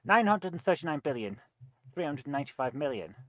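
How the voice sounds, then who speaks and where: A man's voice: on the high side, very animated, brisk, a bit bright, no echo. A man chatting casually on a live game stream, rambling, reading viewer comments aloud and eating between remarks. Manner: rambling, reads chat aloud, eats while talking.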